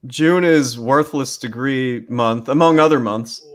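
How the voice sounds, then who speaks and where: A man's voice: mid-range voice, measured pace. A man co-hosting a podcast in casual banter, easygoing and laid-back, with lots of ums and likes. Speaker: podcast co-host, accountant.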